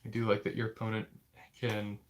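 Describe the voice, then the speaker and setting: A man's voice: lowish voice, monotone, a little fast. A man playing a board game with a friend, explaining the rules in casual chat.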